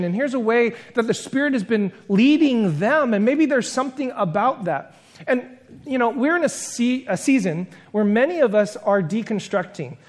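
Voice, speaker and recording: A man preaching a sermon as pastor, reflective and conversational, building long spoken lists and stopping for self-deprecating asides. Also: high-pitched.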